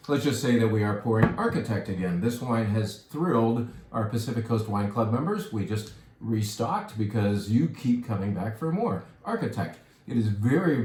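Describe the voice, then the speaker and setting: Low-voiced man enthusing over wine, echoey room. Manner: enthusiastic, savoring, murmurs "mm" while tasting. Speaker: wine shop steward. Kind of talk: casual wine tasting talk.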